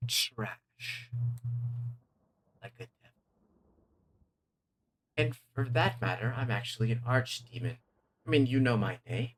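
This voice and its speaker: A man's voice: lowish voice, slight background noise. A man voicing a haughty male archdemon with a put-on British accent, mocking and menacing. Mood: indignant.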